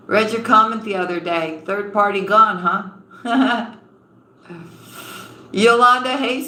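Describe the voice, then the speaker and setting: A woman reading tarot on a live stream and warmly greeting viewers, calling them honey and sweetheart. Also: mid-range voice, a little hiss or hum. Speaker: tarot reader. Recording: roomy echo with faint ambience.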